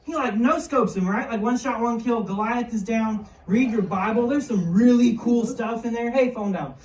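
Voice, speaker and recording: A woman's voice: on the high side, moderate pace, a little mellow. A woman giving a casual, joking sermon to young people in a church hall. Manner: jokey, chatty, slangy. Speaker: youth speaker. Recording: roomy hall, mic far off.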